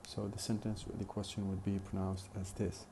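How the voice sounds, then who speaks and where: A man teaching a phonetics lesson in a slow, deliberate way, repeating example questions. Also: low-pitched, monotone, dark tone, a little hiss or hum. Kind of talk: recorded lecture.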